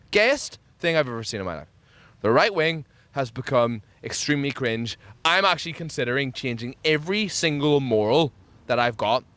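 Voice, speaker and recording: A man co-hosting a casual chat outdoors, ranting jokily with sudden jumps in pitch. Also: dry recording. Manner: animated, jokey rant with sudden pitch jumps. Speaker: podcast co-host. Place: outdoors, people walking past.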